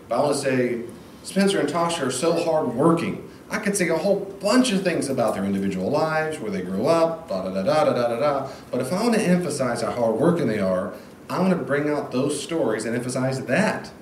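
Animated male Bible teacher in an echoey room. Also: mid-range voice, fairly quick, slight background noise. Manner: animated, acts out quoted voices. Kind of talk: informal classroom lecture. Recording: echoey room, faint ambience.

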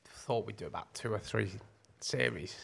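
A man's voice: fairly low pitch, normal speed, gravelly, fairly bright tone, husky. A young man co-hosting a podcast, chatting casually with a teasing streak. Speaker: podcast co-host. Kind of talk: casual chat.

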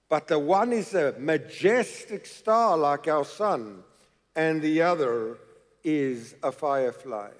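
In a reverberant large church hall, a South African man preaches a sermon, emphatic and dramatic, repeating phrases for effect. His voice is a little high and he takes his time.

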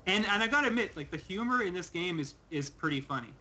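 Bright, stammering young man. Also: sits high, expressive, quick pace. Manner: stammers and restarts, enthusiastic. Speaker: gaming show co-host. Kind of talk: casual gaming chat.

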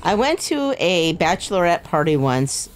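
A woman co-hosting a gaming video with her son, making dry, gently teasing remarks. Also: on the low side, sing-song, normal speed. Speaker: gaming channel co-host, the player's mother. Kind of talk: casual let's-play chat.

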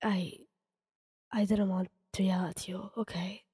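A woman voicing an apologetic, hot-tempered teenage boy hero student in a soft whisper, as whispered role-play. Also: mid-range voice, level tone, unhurried, husky, long reverb tail.

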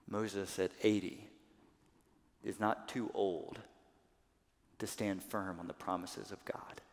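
Preacher in a reverberant church. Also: male voice, low-pitched, takes it slowly, long pauses. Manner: animated, acts out quoted voices loudly. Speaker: pastor. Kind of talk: sermon. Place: church sanctuary. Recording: church sanctuary with long reverb.

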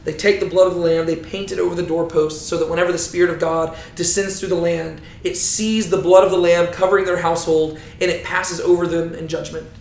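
High-voiced man teaching, roomy echo. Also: fairly quick, vocal fry, few pauses, a little hiss or hum. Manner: animated storytelling, often asks "right?". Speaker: Bible teacher. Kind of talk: teaching talk.

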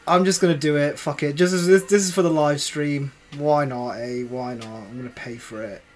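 This young streamer keeps up casual commentary on his video game, cursing heavily and grumbling at himself in exasperation. His voice is on the high side with fairly even intonation and a moderate pace, and faint music can be heard behind him.

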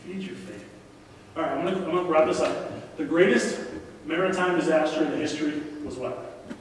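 A man's voice: a little high, fairly quick. Man preaching in an echoey church. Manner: conversational, pleading, repeats key lines. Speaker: guest preacher. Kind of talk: sermon. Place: large church sanctuary. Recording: echoey hall from far off, faint noise.

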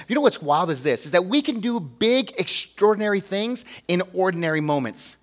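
Pastor, male, high-pitched, earnest, conversational sermon with rhetorical questions. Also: expressive, normal speed, few pauses.

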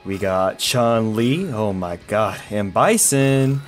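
A man giving excitable gameplay commentary while he plays a fighting game. He swears a lot, shouts, and groans as the match goes on. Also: lowish voice, slow pace, faint music behind. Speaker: gamer playing a fighting game.

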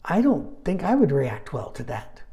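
Mellow-voiced man teaching a Bible study. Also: fairly high pitch, wildly swooping pitch, normal speed, creaky. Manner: chatty and anecdotal, with humorous asides.

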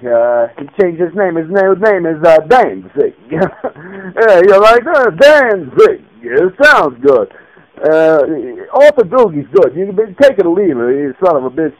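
A man's voice: sits high, poor audio. A man performing a comedic improvised skit, brash and profane, stumbling over himself with fillers. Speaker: parody performer.

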